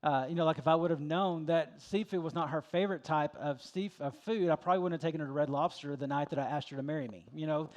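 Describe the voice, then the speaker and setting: A man's voice: a little high, steady tone, fast, hardly any pauses, a little mellow. A middle-aged man preaching a sermon as pastor, in a folksy, conversational way with plenty of filler words.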